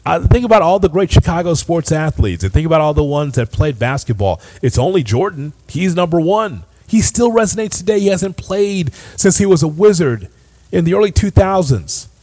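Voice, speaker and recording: A man's voice: on the high side, very animated, normal speed, darkish tone. Exasperated male sports podcast host. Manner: exasperated, emphatic, ranting. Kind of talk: opinionated sports commentary.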